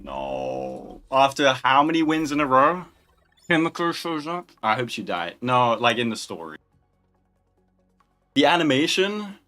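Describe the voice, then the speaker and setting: A man's voice: medium pitch, huge pitch swings, a little slow, bright, forceful tone, faint music behind. A young man hosting a casual livestream, chatting, joking and answering viewer questions. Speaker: livestream host.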